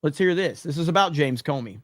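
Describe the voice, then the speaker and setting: A man's voice: on the high side, lively intonation, brisk, dry recording, clean studio sound. Heated, profane male podcast host. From USA. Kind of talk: casual political commentary.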